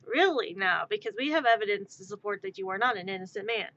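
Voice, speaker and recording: A woman's voice: mid-range voice, expressive, quick pace, a bit bright. Rambling woman streamer, lo-fi audio. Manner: rambling, heavy use of "like". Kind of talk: casual live-stream chat.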